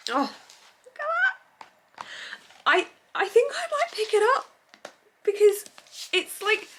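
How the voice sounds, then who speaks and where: Young woman, book vlogger, chatty and giggly, very animated pitch. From England. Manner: rambling, giggly, easily sidetracked. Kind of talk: casual chatty vlog.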